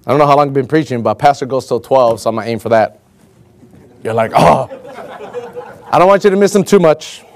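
A young man preaching a lively, joking sermon as a substitute preacher, acting out little scenes and slowing down to read scripture with emphasis. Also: medium pitch. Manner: slow, emphatic scripture reading.

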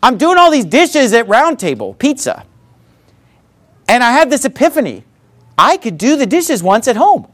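A man's voice: very high voice, huge pitch swings, normal speed, long pauses, a bit bright. A man preaching a sermon in an emphatic, conversational way, full of repeated asides. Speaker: pastor.

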